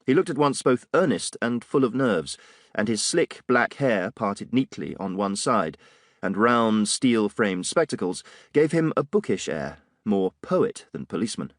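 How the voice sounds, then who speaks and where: Low-voiced male audiobook narrator. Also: animated, measured pace, no room sound, clean studio sound. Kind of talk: scripted narration.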